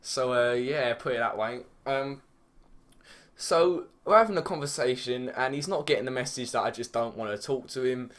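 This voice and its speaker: A teenage English lad rattles through a story in a casual, rambling way, dropping swear words and "like" every few words. His voice sits at an ordinary middle pitch for a young man. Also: moderate pace, fairly bright tone. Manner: rambling, swears a lot, heavy use of "like". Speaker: vlogger.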